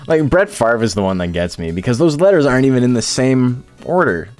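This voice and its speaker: A man's voice: mid-range voice, lively intonation, fairly quick, darkish tone. A young man streaming a game, chatting casually in loose, profane, joking rants. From Ontario, Canada. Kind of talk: casual chat while gaming. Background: faint game music.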